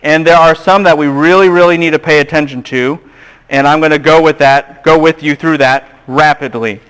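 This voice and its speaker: Animated man lecturing a class. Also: a little high, moderate pace, clean tone, poor audio. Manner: animated, asks the class questions and acts out voices. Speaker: seminary lecturer.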